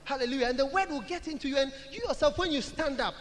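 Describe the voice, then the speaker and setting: High bright-voiced preacher in a reverberant hall. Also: male voice, fast, slight background noise. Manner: repetitive chanting of scripture phrases, rising to loud exhortation. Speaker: pastor. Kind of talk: sermon. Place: church.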